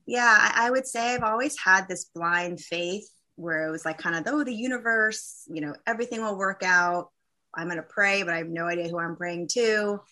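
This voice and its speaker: A woman with a bright, forward voice and middle pitch tells her faith story as a guest. She talks candidly and haltingly, with many fillers and restarts. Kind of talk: personal testimony in a conversation.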